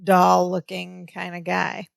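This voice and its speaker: A woman's voice: fairly low pitch, completely flat delivery, slow pace, creaky, no echo. A woman co-hosting a podcast, chatting casually as she recaps a sitcom episode and quotes the characters. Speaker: podcast co-host.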